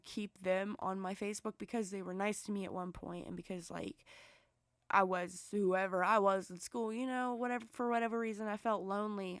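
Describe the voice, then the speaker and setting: A woman's voice: mid-range voice, no echo, clean studio sound. A young woman ranting angrily in a vlog commentary, cursing heavily and restarting her sentences. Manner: heated profane rant with frequent restarts. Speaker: commentary vlogger.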